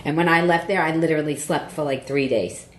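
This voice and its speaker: A woman comedian telling a story in casual podcast chat, animated and profane, acting out the voices she quotes. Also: low voice, fairly quick, reverberant.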